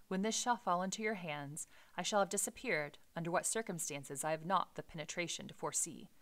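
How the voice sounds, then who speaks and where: Woman reading a sad doctor's goodbye letter, formal and slow-ish, lowish voice. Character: unhappy male doctor writing a farewell letter.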